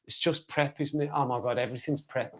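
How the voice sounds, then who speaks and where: A man's voice: mid-range voice, fairly even intonation, fairly quick. Rambling Black Country man on a live stream. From West Midlands, England. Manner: rambling, chatty, reads viewer comments aloud. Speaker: livestreamer. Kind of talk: casual live-stream chat.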